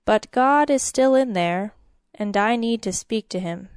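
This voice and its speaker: A woman voicing a weary old male village priest who speaks quietly and gravely. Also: medium pitch, measured pace, dry recording, studio quality, natural voice.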